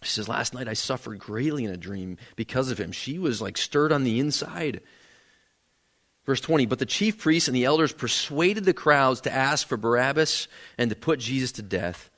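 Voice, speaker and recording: A man's voice: mid-range voice, animated, moderate pace, a bit bright. A man preaching a sermon in a church, earnest, often repeating words as he builds a point. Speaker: pastor. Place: church sanctuary.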